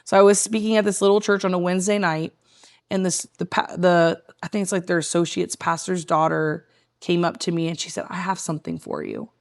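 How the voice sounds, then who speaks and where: A woman's voice: fairly low pitch, flat delivery, fairly quick. A woman guest telling a heartfelt personal story in casual conversation, earnest and rambling with lots of fillers. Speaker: guest, tea room owner.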